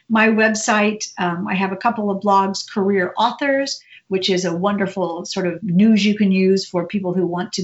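A woman author speaks in a casual interview, talking in an animated, chatty way and often restarting her sentences. Her voice sits in a middle range. The audio sounds dull and lo-fi. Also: mid-range voice. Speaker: author and reporter guest.

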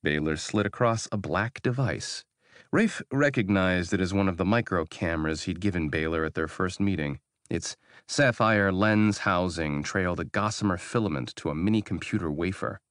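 A man reading narration from a science fiction audiobook in a measured storytelling manner. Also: deep voice, a bit bright, no echo, studio quality. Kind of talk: scripted narration.

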